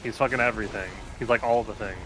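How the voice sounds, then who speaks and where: Low-voiced man on a noisy mic. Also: steady tone, fast talker. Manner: rambling, filler-heavy. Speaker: gaming friend. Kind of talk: casual gaming chat.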